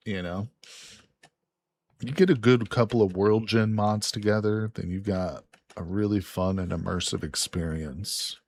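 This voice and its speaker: A man from Illinois casually commentating a multiplayer game on a live stream, laid-back and joking as he goes. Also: fairly low pitch. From Illinois, USA.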